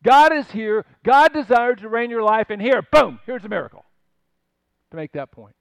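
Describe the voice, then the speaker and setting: A man's voice: extremely high pitch, lively intonation, moderate pace, vocal fry, smooth, dry recording. An older man preaching a sermon as pastor, talking in a conversational storytelling way with asides and rhetorical questions.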